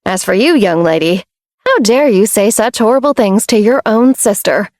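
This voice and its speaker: A woman's voice: medium pitch, lively intonation, normal speed, darkish tone, dry recording, clean studio sound, close to an everyday voice. A woman voicing a stern, protective middle-aged father who speaks in a firm, scolding way.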